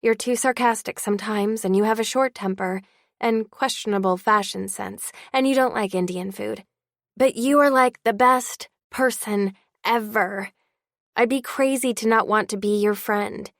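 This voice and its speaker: A woman's voice: medium pitch, normal speed, creaky, no room sound, studio quality, natural voice. A woman voicing an earnest, apologetic teenage girl in an audiobook.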